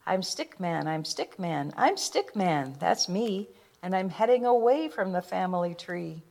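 A woman's voice: on the low side, expressive, a little slow, gravelly, a little mellow. A woman voicing a small male stick figure, sing-song and plaintive in his refrain.

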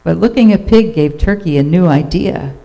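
A storyteller reads a children's picture book aloud, playful and expressive. The voice is mellow and soft-toned, with moderate pitch. Lines rise and fall for effect. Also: moderate pace, vocal fry, poor audio.

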